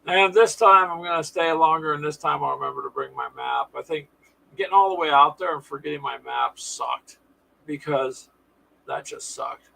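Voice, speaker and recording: Gravelly folksy man hosting a stream. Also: a little high, sing-song, moderate pace, bright, forceful tone, a little hiss or hum, poor audio. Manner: folksy, sarcastic asides. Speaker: live stream host. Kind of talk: casual chat with viewers.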